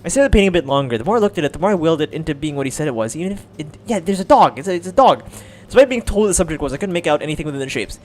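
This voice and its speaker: An excitable young man reads a visual novel aloud for a let's play, cutting in with jokes. He talks fast with a high, lively voice. A faint hiss sits under the recording. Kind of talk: casual gameplay narration.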